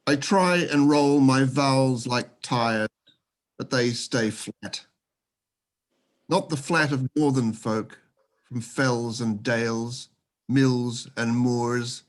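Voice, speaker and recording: A man with a New Zealand accent reads his own poem aloud over a video call, in a slow, measured recital. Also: mid-range voice. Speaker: poet reading his poem. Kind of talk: poetry reading.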